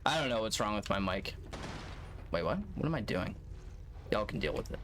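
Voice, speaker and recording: A man's voice: fairly low pitch, very animated, normal speed, background noise. A young man streaming a speedrun, telling a long story in a rambling, profane, laid-back way. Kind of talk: casual storytelling while gaming live.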